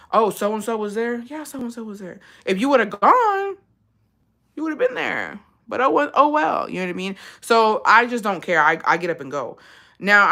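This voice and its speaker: A woman's voice: fairly low pitch, sharp tone. A woman vlogger giving blunt, profane advice in a casual chat, telling a story with lots of swearing.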